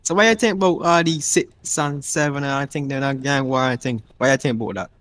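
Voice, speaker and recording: A man's voice: medium pitch, fairly quick, no echo. A man from Barbados with a Caribbean accent, chatting loosely in a casual interview, filling gaps with "yeah, man". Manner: relaxed, rambling, many fillers like "yeah, man". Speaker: racing league driver being interviewed.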